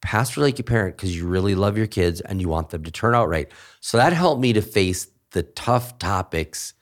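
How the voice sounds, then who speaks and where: A man who is a pastor, talking through a podcast conversation in an emphatic way and jumping up in pitch when he quotes people. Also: normal speed. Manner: emphatic, animated when quoting others.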